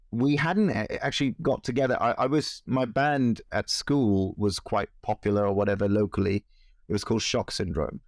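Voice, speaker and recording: Low-voiced man telling lively anecdotes. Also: moderate pace, dry recording, clean studio sound. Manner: animated anecdotes, laughs often, acts out quoted voices. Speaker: musician guest. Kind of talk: casual interview storytelling.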